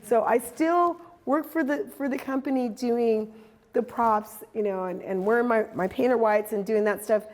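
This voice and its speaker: A middle-aged woman giving a casual talk about her artwork, animated and acting out quoted dialogue as she tells stories. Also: on the high side, normal speed. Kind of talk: casual presentation.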